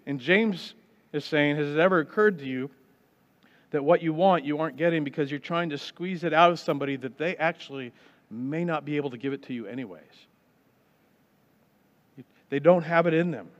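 A man's voice: on the high side, normal speed, pauses often. A man preaching a sermon as a pastor, talking conversationally and acting out people's complaints in mock voices. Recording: dull sound with long hall reverb.

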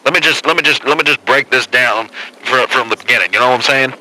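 A man's voice: mid-range voice, quick pace, bright, forceful tone, poor audio. A man playing a rambling, stammering caller in a comedic call-in sketch, leaning on "man" constantly.

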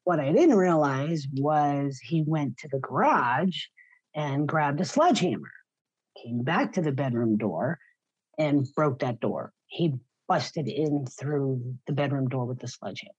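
Slow, husky middle-aged woman. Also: low voice, expressive, darkish tone, dry recording. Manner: raw, blunt, swears freely. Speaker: guest sharing her story. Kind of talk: personal testimony in an interview. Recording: slightly muffled, dry recording.

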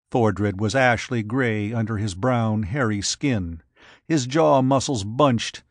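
A man narrating an adventure story in a measured, even reading. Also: fairly low pitch, dry recording. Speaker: audiobook narrator.

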